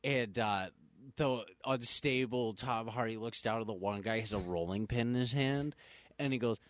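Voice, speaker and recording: A man hosting a casual chat, relaxed and rambling, with many fillers. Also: medium pitch, moderate pace, dry recording.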